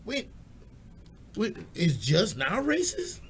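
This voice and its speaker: A man with a strikingly high voice co-hosts a casual music talk show. He launches into animated, profane rants full of jokes, shouting when he gets worked up. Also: slow, slight background noise. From Texas. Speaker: co-host. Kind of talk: casual radio-style chat.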